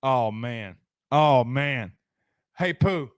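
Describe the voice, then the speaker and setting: A man's voice: a little high, animated, moderate pace, dry recording, clean studio sound. A man hosting a sports livestream, a little tipsy, talking loosely and profanely, laughing as he reads viewer comments aloud. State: tipsy from drinking. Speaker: sports show host. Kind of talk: casual livestream chat reading viewer comments.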